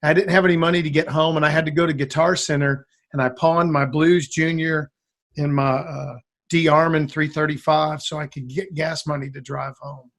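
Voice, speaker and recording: High-voiced man telling a rambling story. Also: normal speed. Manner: rambling, animated, acts out quoted lines. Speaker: guest musician. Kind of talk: casual storytelling.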